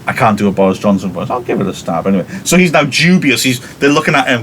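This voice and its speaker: A man's voice: mid-range voice, big pitch swings, quick pace, fairly bright tone, a little hiss or hum. A man from the United Kingdom, a teacher, reading a play aloud to his class and adding chatty, wry, self-mocking commentary.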